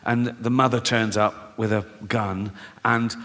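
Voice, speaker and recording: A man's voice: lowish voice, level tone, a little slow, fairly bright tone. A man doing a live stand-up set, telling stories in a chatty way, often tagging lines with "right?" and swearing freely. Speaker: stand-up comedian. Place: large theatre stage. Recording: echoey theatre with audience in the room.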